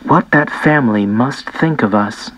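A man voicing a gentle, caring middle-aged mother who speaks softly and calmly. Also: mid-range voice, a little slow. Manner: soft-spoken and calm. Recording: dull, dry lo-fi recording.

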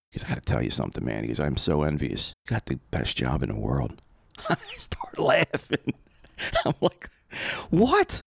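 Deep-voiced reflective man. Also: creaky, dry recording, clean studio sound. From Philadelphia area, USA. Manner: conversational, reflective, rambling asides. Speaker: podcast host. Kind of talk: personal storytelling monologue.

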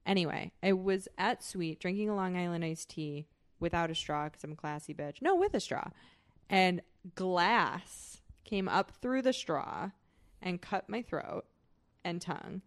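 A woman's voice: on the low side, unhurried, no room sound. Profane, laughing young woman telling stories. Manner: profane, animated storyteller, laughs often. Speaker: podcast co-host. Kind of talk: casual chat, storytelling.

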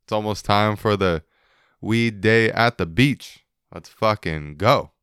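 Casting: young male podcast host, deep and unhurried, smooth clear voice, dry close mic, jokey and loose. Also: a bit bright, dry recording. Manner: laid-back, joking, swearing, laughing often. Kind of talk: casual solo podcast chat.

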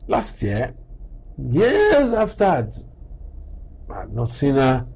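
A middle-aged man with a medium-pitched, slightly rough voice speaks slowly in a motivational talk about character. He's animated, telling stories and acting out small dialogues along the way, and the recording is rough.

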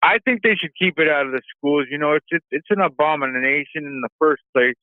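A man's voice: fairly high pitch, a little fast, no echo. A man calling in to a talk show, rambling with many ums and you-knows. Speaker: caller. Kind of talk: phone call-in rant. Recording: phone line.

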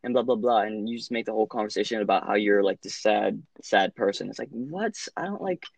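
A man's voice: lowish voice, a little fast, vocal fry, no room sound. A young man talks in a loose, blunt, profane way, packing every sentence with "like" and restarts. The sound is dry and close, with no room heard around him. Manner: blunt, swearing, heavy filler words. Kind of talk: casual chat.

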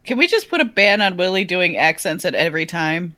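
Bright, playful podcast co-host. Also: mid-range voice, big pitch swings, fairly quick, no echo. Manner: playful, laughs often. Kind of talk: casual chat.

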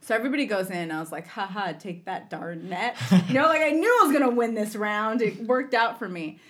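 A woman's voice: a little high, animated, fast, fairly bright tone. A woman on a podcast telling a long, casual story, acting out what people said in changing voices and laughing often. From Los Angeles area. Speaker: podcast guest.

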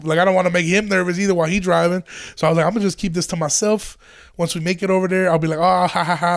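A man's voice: on the high side, creaky. A young man, a comedian, casually telling a long story with lots of profanity, rambling restarts and quoted voices. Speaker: stand-up comedian.

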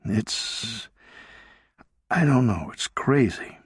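A man's voice: mid-range voice, lively intonation, extremely slow, slightly rough, no echo, studio quality, pitched above the performer's own voice, exaggerated voice. A man voicing an elderly husband who speaks in a hesitant, reflective way. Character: elderly husband, thoughtful and wry.

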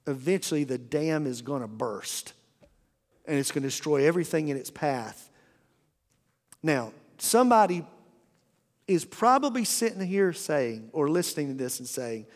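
High-voiced male pastor preaching in a hall. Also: animated, normal speed, pauses often. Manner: folksy, humorous preaching with repeated restarts. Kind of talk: sermon. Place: church auditorium. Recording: long reverb of a church hall.

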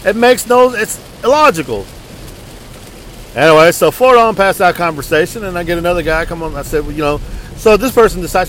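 A man's voice: high voice, expressive, a little fast, a bit bright, a little hiss or hum, rough recording. A man venting angrily in a casual, profane, rambling story.

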